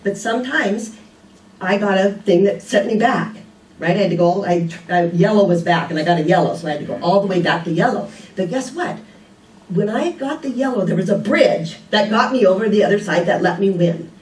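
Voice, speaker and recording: Speaking at a spiritual community, an older woman offers a relaxed sermon with homely stories and rhetorical questions for her listeners, her medium-pitched voice brisk. The mic sits well away from her, so the large room's echo comes through along with a faint hum of ambience.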